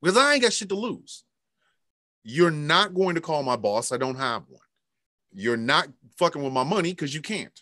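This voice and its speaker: A man's voice: fairly high pitch, moderate pace, no echo, studio quality. A man hosting a podcast in casual, profane, emphatic chat. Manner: profane, emphatic, animated storytelling. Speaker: podcast host.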